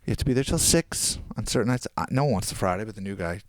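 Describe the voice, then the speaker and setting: A man's voice: on the low side, fast talker. A young man casually telling a long story on a podcast, acting out the people he quotes. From New Jersey. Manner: animated, acts out quoted people. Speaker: podcast guest.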